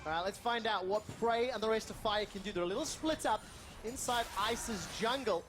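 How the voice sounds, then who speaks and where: A very high-voiced man calls an esports match play-by-play, excited and quick. Loud music plays underneath him throughout. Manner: excited, rapid calls of the action. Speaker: esports caster. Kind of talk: play-by-play commentary.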